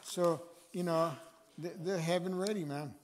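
A man's voice: on the high side, steady tone, a little slow. A man speaking as a guest chaplain, preaching informally to a men's meeting with repeated phrases and fillers. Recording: long reverb of a hall.

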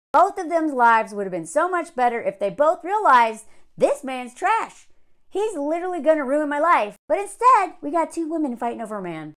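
Sarcastic high-voiced woman vlogger. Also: a bit bright. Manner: blunt and sarcastic; mocking impressions of characters. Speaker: movie reviewer. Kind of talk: casual vlog commentary.

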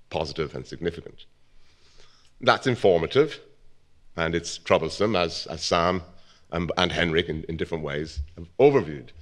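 A man with a British accent giving a measured, thoughtful academic conference talk, with fillers and restarts. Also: lowish voice, a bit bright. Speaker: conference speaker.

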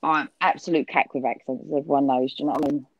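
Woman, livestream host, casual and sweary, lower voice, dry lo-fi audio. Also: fairly even intonation, fast talker, no room sound. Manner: chatty, swears freely, calls people darling.

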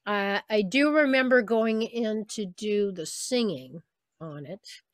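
A woman voice actress chatting on a video call, telling lively stories about her work and slipping into the voices of people she quotes. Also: medium pitch, takes it slowly, dry recording, clean studio sound. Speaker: voice actress guest. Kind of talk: casual interview on a video call.

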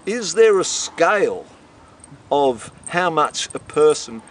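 A man's voice: a little high, sing-song, takes it slowly, a little hiss or hum. A middle-aged man being interviewed, rambling in a boisterous, swaggering and profane way. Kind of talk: rambling casual interview talk.

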